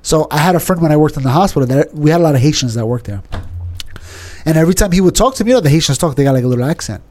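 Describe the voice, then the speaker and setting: A man's voice: a little high, animated, rapid-fire, darkish tone. Rambling guy with lots of restarts. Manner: rambling with many restarts and filler; calls listener "bro". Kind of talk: casual chat.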